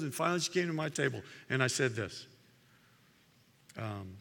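A man's voice: mid-range voice, animated, normal speed, gravelly, pauses often, fairly bright tone. A man preaching a sermon in a conversational way, animatedly retelling stories to his congregation. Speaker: pastor. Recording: long hall reverb.

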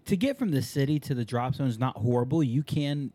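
40s dude, swears a ton, warm dark tone, just shooting the breeze. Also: male voice, mid-range voice, animated, a little fast, no echo. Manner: profane, blunt storyteller. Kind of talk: casual chat.

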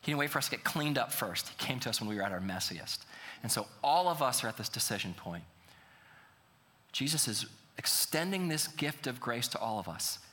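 A man's voice: mid-range voice, lively intonation, brisk, bright, forceful tone, big-room sound. A man preaching a sermon as pastor, earnest and building to emphatic appeals.

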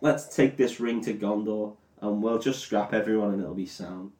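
A man's voice: lowish voice, moderate pace, warm tone, echoey room, recorded from a distance, natural voice. A man voicing a brash male warrior who crudely pushes his plan, in a mocking way. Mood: pushy.

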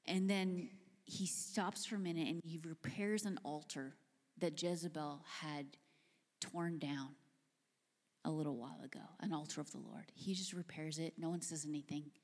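A woman preaching a sermon, retelling a story in an animated, conversational way that drops into hushed tones. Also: low voice, moderate pace. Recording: long hall reverb.

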